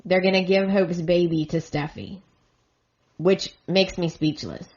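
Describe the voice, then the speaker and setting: A woman's voice: fairly low pitch, steady tone, unhurried, a little mellow, muffled recording. A woman podcast host giving an earnest, emotionally invested recap that turns indignant at times.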